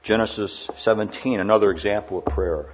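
A man preaching a sermon in a church, rising loud in the story and dropping quiet for asides. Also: on the low side, fairly quick, muffled recording, background noise. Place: indoor air-conditioned church.

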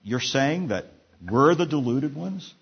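A man voicing a mocking, skeptical ancient man who scoffs loudly, in a husky voice on a dull recording. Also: on the high side, sing-song, moderate pace. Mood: curt.

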